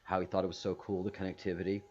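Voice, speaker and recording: A man's voice: sits low, level tone, racing, a little mellow, slight background noise. A man hosting a casual video call stream, rambling with many restarts and repeated words. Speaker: stream host. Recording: muffled video call audio.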